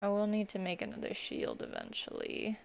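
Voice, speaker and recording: A woman's voice: mid-range voice, wildly swooping pitch, normal speed, gravelly, a little hiss or hum. A woman streamer chatting casually and rambling to her viewers while she plays a game. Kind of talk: casual gaming chat.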